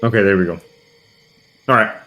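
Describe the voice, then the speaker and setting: Deep-voiced man running a tabletop game. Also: a little fast, pushed and bright, faint music behind. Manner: rambling, heavy on "kinda" and "uh". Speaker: game master.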